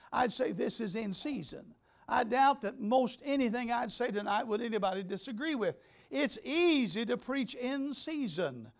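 An older man, a pastor, preaching a sermon emphatically, repeating key words and swinging between loud and soft. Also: extremely high pitch, gravelly. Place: church.

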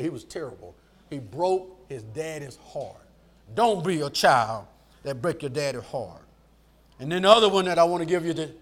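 A man preaching a sermon in an animated call-and-response style, acting out the voices in the stories he tells. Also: a little high.

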